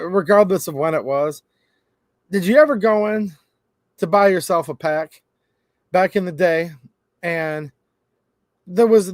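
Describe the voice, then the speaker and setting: A man's voice: high voice, no room sound. A man hosting a gun rights channel, talking to camera in a rambling, emphatic, conversational way. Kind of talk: casual monologue to camera.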